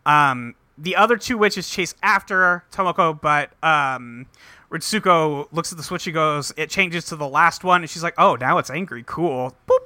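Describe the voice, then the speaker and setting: Guy recapping a show w/ friends, swears a lot, super bright voice, dry sound. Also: a little high, no room sound. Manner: loose, profane, acts out characters in quick quotes. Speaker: podcast co-host recapping an anime. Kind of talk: casual chat.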